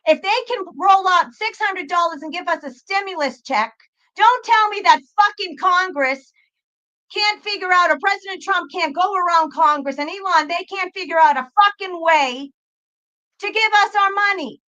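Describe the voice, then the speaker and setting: A woman's voice: very high-pitched, moderate pace, sharp tone, highs cut off. A woman hosting a psychic livestream, talking back to her chat in a profane, exasperated rant. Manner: talks back to chat viewers.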